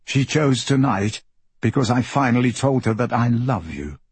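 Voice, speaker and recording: A man voicing an earnest, remorseful young male magician in an audiobook, speaking low and hushed. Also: animated, moderate pace, husky, dry recording. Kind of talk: audiobook character voice.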